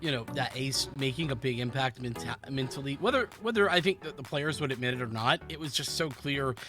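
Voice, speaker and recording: A man commentating a live esports match, calling the action excitedly and giving analysis. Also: medium pitch, faint music behind. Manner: quick, excitable call of the action. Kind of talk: live play-by-play and colour commentary.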